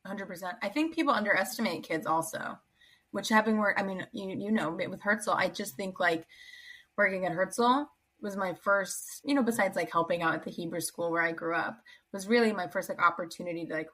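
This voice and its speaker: A woman's voice: mid-range voice, a little fast, fairly bright tone, breathy edge, poor audio. A woman in her thirties, a Jewish educator, chatting casually as a podcast guest with lots of filler words. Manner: chatty, many "like" and "you know" fillers.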